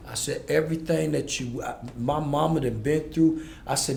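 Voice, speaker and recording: A man's voice: mid-range voice, moderate pace, vocal fry, few pauses, a little mellow, a little hiss or hum. A man in his forties, a podcast guest, telling a raw, intense personal story in blunt street-inflected speech. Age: 40s. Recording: echoey room.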